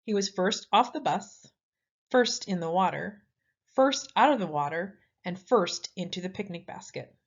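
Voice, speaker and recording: A woman reading a children's picture book aloud in a lively, expressive way. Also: lowish voice, a little slow. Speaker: storyteller. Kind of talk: children's story read-aloud. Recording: slightly dull lo-fi audio.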